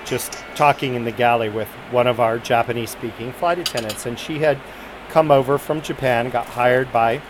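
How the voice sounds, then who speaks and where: A man's voice: medium pitch, moderate pace, music in the background. A man who is a flight attendant telling a casual story from his work.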